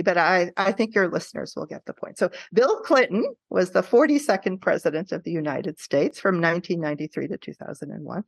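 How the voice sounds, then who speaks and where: Animated woman teacher, dry close sound. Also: lowish voice, no room sound. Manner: animated storytelling, frequent tag questions. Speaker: qualitative research teacher. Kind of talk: podcast interview guest.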